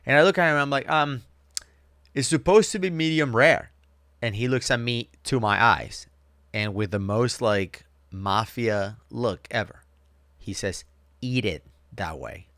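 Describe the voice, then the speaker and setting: A man's voice: medium pitch, measured pace, no room sound. A man co-hosting a casual chat show, telling a story with jokes and exaggeration. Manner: animated storyteller, joking and exaggerated. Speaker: co-host.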